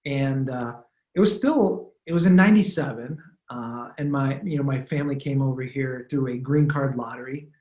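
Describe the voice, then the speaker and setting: A man's voice: mid-range voice, normal speed. Romanian-born guy in his 30s, easygoing, lots of ums and restarts, roomy echo. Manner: relaxed, thoughtful, with many fillers and restarts. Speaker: guest, former football punter. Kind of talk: casual interview storytelling.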